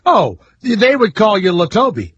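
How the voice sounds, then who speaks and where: A man's voice: high-pitched, very animated, measured pace, breathy edge, no echo, lo-fi sound. A man hosting a call-in radio talk show, brash, crude and joking with callers. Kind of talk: casual call-in radio banter. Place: radio studio.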